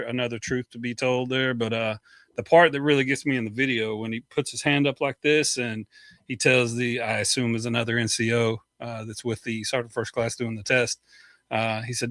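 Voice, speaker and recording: A male veteran co-host who talks things through slowly, with frequent restarts. His voice sits at an ordinary pitch in a dry, close recording. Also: little pitch movement, fairly bright tone, no echo. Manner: reflective, hesitant, many restarts. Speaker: podcast co-host, retired senior NCO. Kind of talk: casual chat.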